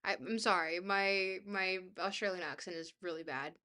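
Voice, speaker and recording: A woman's voice: fairly low pitch, normal speed, pushed and bright. A woman streaming live, reading out chat messages and thanking viewers in a bubbly, rambling way. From Scotland. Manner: bubbly, thanks chat often, trailing filler words.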